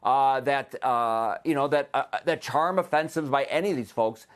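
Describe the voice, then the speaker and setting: Speaking at normal speed with a medium-pitched voice, this American man is an economic policy analyst fielding questions on live TV news. He hesitates a lot, full of fillers and frequent restarts.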